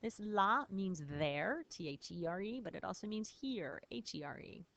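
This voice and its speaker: A woman's voice: medium pitch, animated, moderate pace, vocal fry, fairly bright tone. A woman teacher patiently explaining French phrases in a recorded lesson, spelling words out.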